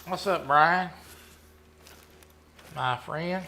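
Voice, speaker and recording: A man, chatting casually while playing a hunting game, rambling and often clearing his throat. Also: medium pitch, a little slow, sharp tone, a little hiss or hum. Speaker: gaming streamer running a members' community.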